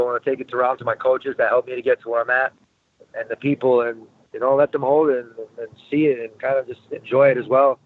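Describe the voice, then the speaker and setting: A brash, energetic man who swears freely, talking quickly in a casual interview. His voice comes through a thin, phone-like line with a dry, close sound. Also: medium pitch, dry recording. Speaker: interview guest, fighter.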